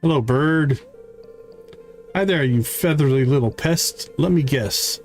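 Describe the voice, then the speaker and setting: A man voicing a loud, impulsive young man who teases his brother in a video game. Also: on the high side, unhurried, soft background music, close to an everyday voice. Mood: teasing. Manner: brash, teasing.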